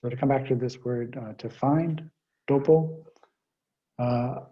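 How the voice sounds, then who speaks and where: A man's voice: medium pitch, fairly even intonation, normal speed, muffled recording. A man giving a linguistics lecture, explaining step by step with frequent fillers over a remote call.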